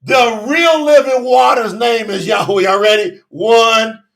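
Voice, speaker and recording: A man preaching a fiery revival sermon, shouting and exclaiming, from Florida, emotional with his nose running. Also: very high-pitched, a little slow, creaky. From Florida, United States. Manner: shouting, preaching, Southern US vernacular speech.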